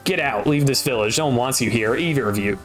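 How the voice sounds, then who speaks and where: A man's voice: medium pitch, fast, soft background music, natural voice. Cruel village bully boy, sneering and taunting, man voicing him. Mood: hateful.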